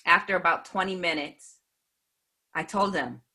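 A woman earnestly recounting a personal faith testimony in a measured way. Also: lowish voice, pushed and bright. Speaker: speaker giving a faith testimony.

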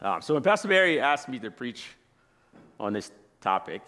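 A man's voice: mid-range voice, sing-song, normal speed, sharp tone. A man in his thirties preaching in a church as a guest speaker, telling personal stories in a casual, chatty way and laughing as he goes. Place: church sanctuary.

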